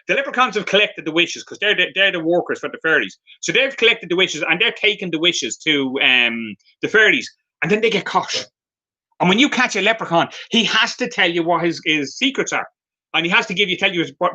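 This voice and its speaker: This is a live product demonstration by a man from Ireland who sells crafts, chatting through lighthearted anecdotes about his handmade work with plenty of fillers. He speaks in a high-pitched, sharp tone over a rough recording.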